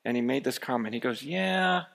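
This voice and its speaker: Gravelly, conversational male preacher. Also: medium pitch, steady tone, moderate pace, a bit bright. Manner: conversational, anecdotal, many restarts. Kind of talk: sermon storytelling.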